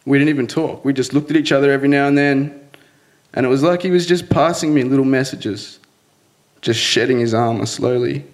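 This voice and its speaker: A man in his younger years tells a personal story from the stage. His voice sits at a middle pitch. He speaks earnestly, and nervous laughs often break into his lines. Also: fairly quick.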